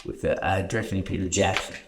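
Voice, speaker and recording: A man from Canada answering audience questions at a festival screening, halting and repeating words often as he tells stories. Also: low voice, steady tone, background noise. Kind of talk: festival Q&A storytelling. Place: festival stage Q&A.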